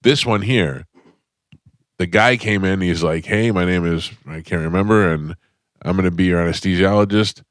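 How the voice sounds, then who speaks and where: A man's voice: low voice, moderate pace, no room sound. A male radio host in casual studio chat, telling a long, self-deprecating comic story with lots of detours. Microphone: studio microphone.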